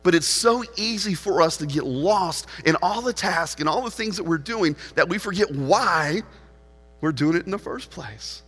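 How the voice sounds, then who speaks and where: A man in his forties preaches a sermon from the stage of a church auditorium, telling stories in an animated way and swinging between loud and hushed passages. His voice is bright and forceful and sits a little high. A long reverb from the hall trails behind every phrase. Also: moderate pace, breathy edge. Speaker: pastor.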